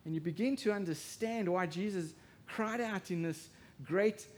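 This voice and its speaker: Delivering a sermon at normal speed, a male pastor whose voice sits high swings from quiet to forceful and poses rhetorical questions to his congregation.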